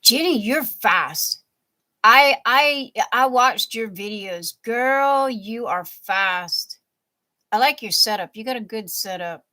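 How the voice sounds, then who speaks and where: Woman host, playful live-chat banter, bright tense tone, slightly high voice. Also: lively intonation, slow pace. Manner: chatty and playful, with frequent laughs. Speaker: livestream crafting host. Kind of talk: casual live chat reading viewer comments. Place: home.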